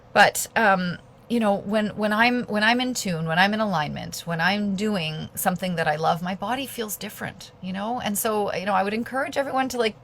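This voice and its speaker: Woman guest on a video call, low gravelly voice, rambling and enthusiastic, faint noise behind. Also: a bit bright. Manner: rambling, many fillers and restarts; lights up with enthusiasm. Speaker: guest speaker. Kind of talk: casual talk on a video call.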